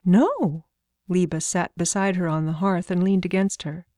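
Audiobook narrator, woman, measured and calm, dry booth sound. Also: on the low side, no echo.

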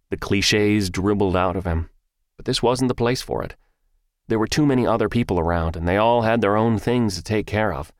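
A man narrating a first-person story in an audiobook, with measured, even storytelling. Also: sits low, no echo, studio quality.

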